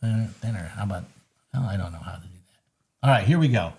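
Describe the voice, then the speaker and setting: A man's voice: on the low side, fairly quick, breathy edge. A man hosting a live market recap from his trading desk, chatting casually and joking over the charts. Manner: excitable and joking, bursts of laughter.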